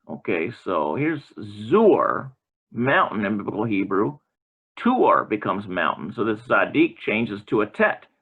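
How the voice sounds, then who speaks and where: A low, gravelly and husky man's voice that swings widely in pitch as he teaches. He reads from a textbook, then breaks off into hesitant asides, restarting and correcting himself. The sound is thin and tinny, like a phone line. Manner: reads aloud and adds halting comments with many fillers and self-corrections. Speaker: Bible language teacher. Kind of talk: informal lecture reading from a textbook.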